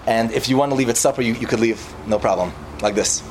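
A man delivers an informal sermon to listeners, telling a parable with lively, animated storytelling. He mixes Hebrew and Yiddish words into casual speech. A faint hiss sits under the recording. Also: medium pitch, fast talker. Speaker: yeshiva speaker.

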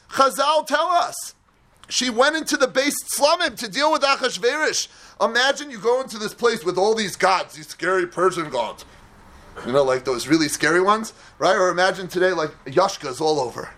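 Dramatic and sermon-like, this rabbi's Torah lecture shifts from quiet, low-pitched passages to bursts of passionate shouting. The speaker is a man.

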